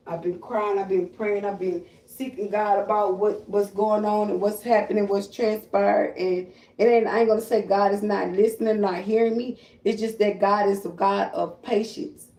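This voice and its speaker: Roomy, profane woman ranting on a live stream. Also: mid-range voice. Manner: loud, confrontational, animated storytelling with shrieking imitations. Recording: roomy echo, voice a bit far from the mic.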